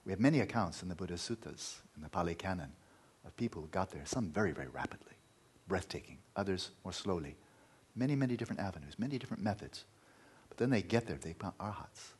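A man's voice: low voice, animated, fast talker, a little mellow, slightly rough. A man teaching meditation in a dharma talk, emphatic, repeating key words and at times dropping to a near-whisper.

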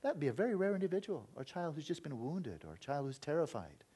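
A man's voice: a little high, sing-song, fast, mellow, husky. A man teaching meditation in an earnest, reflective Buddhist talk, sometimes acting out inner voices.

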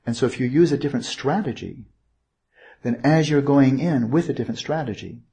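A man with a deeply husky, breathy voice delivers a meditation teaching at a mid-range pitch. He wanders and corrects himself mid-sentence, then drives points home with rhetorical questions. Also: a little fast, warm tone. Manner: digressive, self-correcting, asks rhetorical questions. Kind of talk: informal Buddhist teaching talk.

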